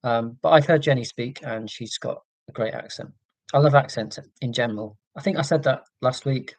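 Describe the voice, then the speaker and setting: Chatty and prone to ums, an English man hosts a casual livestream in received pronunciation, reading and answering live chat. He speaks at medium pitch and normal speed, and his computer mic produces low-quality sound with no room sound.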